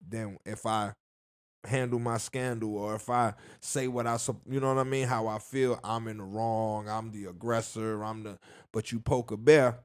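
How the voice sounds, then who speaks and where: Low-voiced rapper, subdued and halting. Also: male voice, fairly even intonation, clean tone. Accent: Southern US, Miami. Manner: halting, filler-heavy, subdued. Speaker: rapper, interview guest. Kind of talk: casual interview talk.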